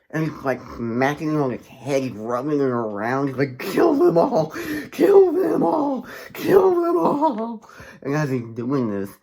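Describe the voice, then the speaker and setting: Slow-talking man telling a story casually. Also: medium pitch. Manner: rambling, with many fillers and asides.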